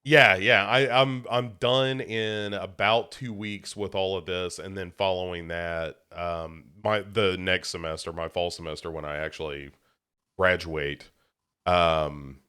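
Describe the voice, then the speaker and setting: Low-pitched and steady, a young male podcast co-host speaks unhurriedly with a sharp, clean tone. Slightly stuffed up, he keeps the conversation casual, meandering, self-mocking and riddled with restarts.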